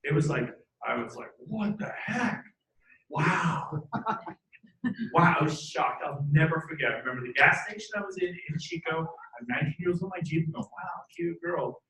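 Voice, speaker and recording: High-voiced man preaching in an echoey room. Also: a little fast. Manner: animated and preachy, with sudden shouted bursts and jokey asides. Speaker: motivational speaker at a team training event. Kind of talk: energetic motivational talk to a live audience. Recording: echoey room from a distant mic.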